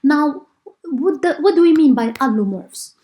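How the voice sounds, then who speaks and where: A woman from Morocco, an Arabic native speaker, teaches a university linguistics class. Her voice sits a little high, and she explains step by step, filling gaps with "uh" and checking understanding with "okay?". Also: lively intonation, a little slow, dark tone, slight background noise. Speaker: linguistics lecturer. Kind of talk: university lecture.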